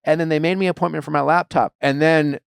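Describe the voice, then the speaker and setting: A man's voice: a little high, fairly even intonation, fast, gravelly, clear, resonant tone, no echo, clean studio sound. A man hosting a podcast, telling an exasperated story in casual chat and swearing freely. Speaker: podcast host.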